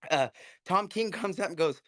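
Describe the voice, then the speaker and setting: A man telling a heated story, full of swearing, in a casual live audio chat. His pitch swings widely as he gets worked up, and the sound is close and dry with no room echo. He talks over an online call. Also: expressive, moderate pace, sharp tone. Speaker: guest speaker.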